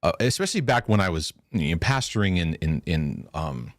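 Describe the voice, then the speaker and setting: Speaking briskly in a low voice, a former U.S. pastor who now hosts a podcast spins a lively story in casual chat, repeating words and quoting what others said. The audio is studio quality with no echo.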